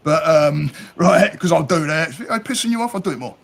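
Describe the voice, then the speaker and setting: A man's voice: on the high side, expressive, brisk, gravelly. A man from South East London with a Cockney accent, chatting casually, telling stories and swearing freely. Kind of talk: casual chat.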